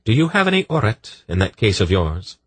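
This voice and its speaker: Casting: man as an authoritative sorceress in an audiobook, stern, husky raised voice. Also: fairly low pitch, big pitch swings, brisk, no room sound, pitched above the performer's own voice. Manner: stern, reproving. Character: commanding older sorceress woman.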